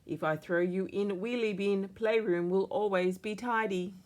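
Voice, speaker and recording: An Australian woman voicing a stiff, obedient robot dad with a slow, flat robotic delivery. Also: mid-range voice, voice pushed up, lightly acted.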